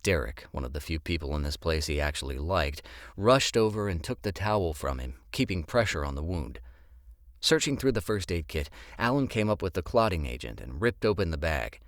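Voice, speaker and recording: A man narrating an audiobook in an expressive storytelling manner. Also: low-pitched, fairly quick, no room sound, clean studio sound.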